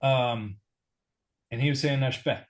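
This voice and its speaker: A man's voice: medium pitch, unhurried. Easygoing American man telling a story. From United States. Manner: easygoing, self-deprecating storyteller. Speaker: guest. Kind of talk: storytelling in a sit-down interview.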